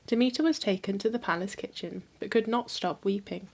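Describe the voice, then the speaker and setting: A woman hosting a history channel, reading a mythology book aloud in a calm, even storytelling manner. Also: medium pitch, a little fast, creaky.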